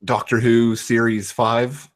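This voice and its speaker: A man with a West Coast American accent, chatting casually as a livestream guest, halting often with fillers. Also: medium pitch, little pitch movement. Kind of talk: casual chat.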